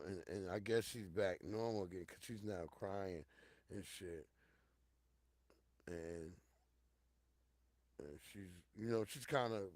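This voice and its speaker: A middle-aged man hosting a show, telling a personal story in a casual, profane monologue, talking straight to his listeners and swinging from loud outbursts to hushed low tones. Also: no echo. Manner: addresses listeners directly and repeatedly.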